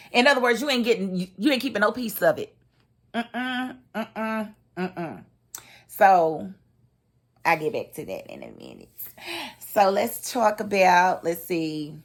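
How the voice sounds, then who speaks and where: A woman giving a casual, expressive recap of a TV episode, laughing and acting out the characters' lines. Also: fairly low pitch. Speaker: TV recap host.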